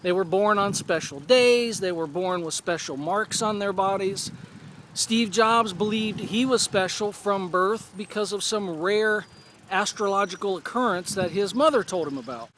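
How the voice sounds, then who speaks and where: Fortysomething guy vlogging, kinda high voice for a man, earnest and thoughtful, a little faint noise behind. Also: a bit bright. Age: 40s. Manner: earnest, thoughtful, with pauses and restarts. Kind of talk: reflective personal vlog monologue.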